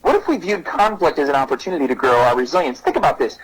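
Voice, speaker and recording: Husky, animated man telling stories. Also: fast, low-quality recording. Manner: animated, pitches up to act out quotes. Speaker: guest speaker on parenting and resilience. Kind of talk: conversational podcast storytelling.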